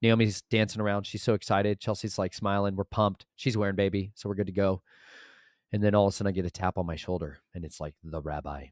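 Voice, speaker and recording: Fast-talking deep-voiced man telling a story. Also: dry recording, clean studio sound. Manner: fast, animated storytelling with quoted dialogue; preachy, emphatic about scripture. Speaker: vlogger and author. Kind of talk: casual storytelling vlog.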